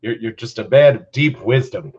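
A young man who teaches, hosting a casual podcast and telling a story with animated, playful reenactments of his own thoughts. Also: mid-range voice, moderate pace, breathy edge. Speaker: podcast host. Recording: slightly dull lo-fi sound.

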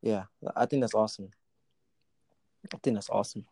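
A man's voice: fairly low pitch, a little fast, warm tone, no room sound. A man hosting a casual chat, telling a personal story with plenty of quoted dialogue.

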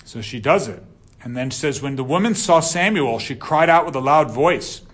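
A man's voice: medium pitch, lively intonation, moderate pace, a bit bright. A man teaching a Bible class in a conversational, digressive way, reading passages aloud and then explaining them. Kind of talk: scripture class lecture.

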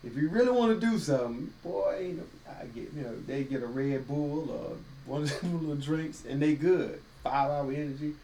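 A man's voice: a little high, expressive, normal speed, creaky, few pauses, warm tone, a little hiss or hum. A man co-hosting a casual faith-based podcast, talking in a folksy, preachy way with quoted voices. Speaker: podcast co-host. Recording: roomy echo, distant mic, faint ambience.

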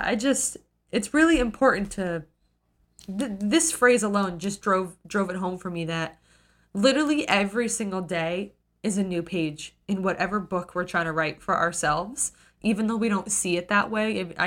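Woman, podcast co-host, bright tone, casual chat, acts out scenes. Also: medium pitch. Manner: animated retelling, acts out characters, gets emotional. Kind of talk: casual book discussion.

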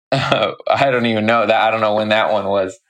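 A young adult man, a stand-up comic guesting on a podcast, telling a story casually with lots of swearing and animated delivery. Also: on the low side, moderate pace.

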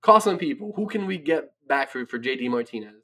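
A man's voice: medium pitch, animated, brisk, fairly bright tone. Brash, profane man ranting about sports. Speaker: podcast co-host. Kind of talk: profane casual sports talk.

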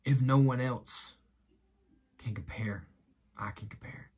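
A man voicing a gentle, consoling Jesus who speaks softly and repeats his comforting reassurances. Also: mid-range voice, a little slow, slightly rough. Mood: tender, hushed.

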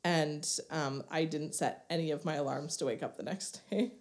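A woman's voice: deep voice, fairly even intonation, moderate pace, darkish tone. A woman co-hosting a casual podcast, laid-back and dry. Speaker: podcast co-host. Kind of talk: casual chat.

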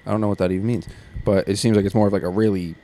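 A man's voice: on the low side, level tone, rapid-fire, dark tone, a little hiss or hum. A man hosting a podcast, joking around in casual banter and often restarting his sentences. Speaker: podcast host.

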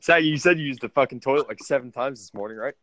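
A man's voice: mid-range voice, very fast, a bit bright. A young man in casual chat over voice chat, laughing often and swearing freely.

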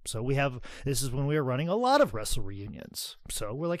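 A man's voice: medium pitch, big pitch swings, a little fast, few pauses, no echo. Profane, rambling man telling stories. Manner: profane, rambling anecdotes with many "like"s; acts out others' voices while telling stories. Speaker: podcast co-host. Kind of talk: casual storytelling chat.

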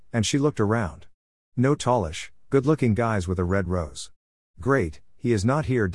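A man reads a scripted story in a measured, even way. His voice sits low. The recording is dry and close, with no room sound. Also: no room sound.

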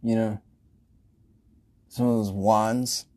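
A man's voice: fairly low pitch, little pitch movement, slow, a little mellow. A man who works in a grocery store, telling casual stories in a rambling way, swearing and laughing often. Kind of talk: casual storytelling.

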